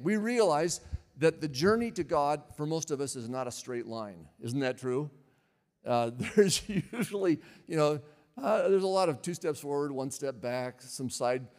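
A man's voice: on the high side, darkish tone, in a large hall. An older man, a pastor, preaching a sermon in a conversational way, often asking the audience questions.

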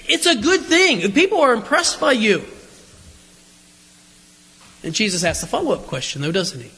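A man with a very high-pitched, sharp voice delivers a conversational sermon in a church sanctuary, joking with the congregation and posing questions to them. The recording carries a long church reverb.

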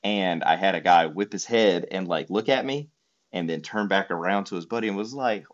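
A man's voice: low voice, moderate pace, lo-fi sound. A man telling a trip story in casual conversation, rambling with many fillers. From United States.

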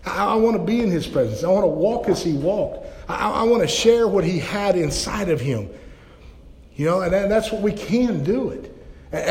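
A man's voice: sits high, darkish tone, in a large hall. A man preaching a sermon in a church, impassioned and often stammering on repeated words. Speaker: pastor.

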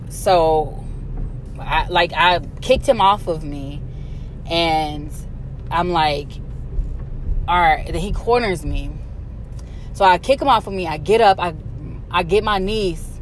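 A woman's voice: on the low side, slow, long pauses, a little hiss or hum. A young woman telling a candid personal story, blunt and emphatic, often cursing and filling with "like". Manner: blunt, profane and emphatic, with many fillers.

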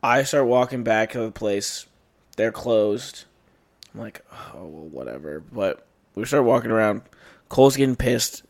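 Young man, podcast host, casual storytelling, rambling, profane, mid pitch. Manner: rambling, profane, lots of fillers and quoted dialogue.

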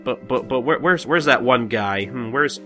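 A man's voice: medium pitch, animated, normal speed, sharp tone, faint music behind. A man doing a comic voice of a bratty, gleeful alien teenage girl who gloats over her friends' misery. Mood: gloating. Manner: gloating, sing-song. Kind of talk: podcast impression.

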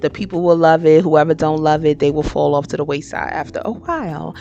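A woman hosts her own podcast with a lowish voice full of gravelly fry. She gives frank, slangy advice in a loose, conversational monologue. Faint music plays underneath. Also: brisk, muffled recording. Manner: frank, slangy and animated, switching into impressions. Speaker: podcast host. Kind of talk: casual motivational monologue.

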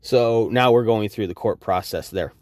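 A man in his thirties, hosting a podcast and telling a story in a casual, profane, animated way, acting out the quoted exchanges. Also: fairly low pitch, moderate pace, dry recording. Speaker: podcast host.

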